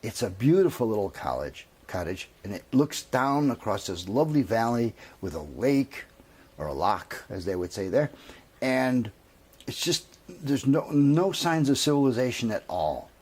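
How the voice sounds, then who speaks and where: Husky man telling a long joke. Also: medium pitch. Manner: lively, drawn-out storytelling. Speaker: comedian.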